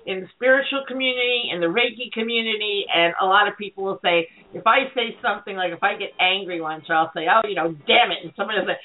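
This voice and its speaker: A radio host in casual conversation, a woman who tells her stories frankly and with lively feeling. Her voice sits at a middle pitch and comes through a thin, tinny phone line. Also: quick pace, hardly any pauses. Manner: candid, animated storytelling. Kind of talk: casual chat.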